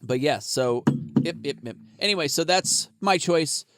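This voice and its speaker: A man's voice: fairly high pitch, lively intonation, measured pace, a bit bright. A man co-hosting a podcast, rambling casually with lots of swearing and laughter. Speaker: podcast co-host.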